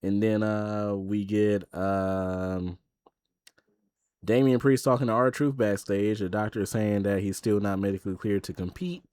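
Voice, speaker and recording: A man's voice: lowish voice, steady tone, unhurried, darkish tone, clean tone. A man co-hosting a podcast, casually recapping wrestling shows and retelling the promos in quoted voices. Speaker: podcast co-host.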